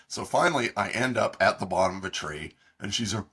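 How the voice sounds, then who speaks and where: A middle-aged man co-hosting a podcast, telling a long, halting story in casual chat with many fillers. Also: lowish voice, animated, sharp tone, slightly rough. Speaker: podcast co-host.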